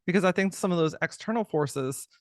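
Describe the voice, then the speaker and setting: A woman's voice: on the low side, fairly quick, dry recording, studio quality. A woman hosting a podcast, asking questions in a casual, encouraging way. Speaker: podcast host.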